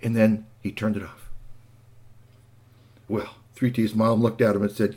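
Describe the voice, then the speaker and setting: A man narrating a children's story in an animated way, adding sound effects and asides. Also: fairly low pitch, measured pace, pauses often, breathy edge.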